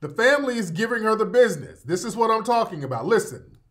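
A man's voice: high voice, fast talker. A man hosting a live talk show, commenting with laughter and mockery, then reading plugs for products. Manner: laughing, mocking, animated ad reads. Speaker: host.

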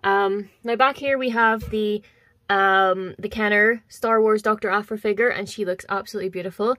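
A woman's voice: medium pitch, fairly even intonation, normal speed, a bit bright, no echo, clean studio sound. A young woman casually showing off her collection in a vlog, gushing and enthusiastic with lots of ums and repeated words. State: slightly out of breath. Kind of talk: casual show-and-tell vlog.

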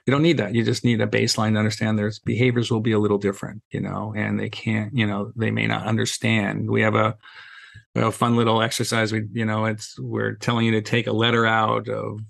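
A man's voice: on the low side, monotone, a little fast, gravelly, dry recording. A middle-aged man, a guest on a podcast, telling stories casually and acting out bits of dialogue, with lots of "you know" fillers. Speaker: podcast guest, safety trainer. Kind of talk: casual conversational storytelling.

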